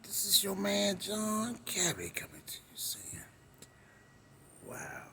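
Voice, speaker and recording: A man's voice: sits high, wildly swooping pitch, takes it slowly, background noise. A middle-aged man with a Maryland accent, hosting his own show in a rambling monologue, drawling, humming and dropping into whispers. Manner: drawling, slips into whispers and hums. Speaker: show host.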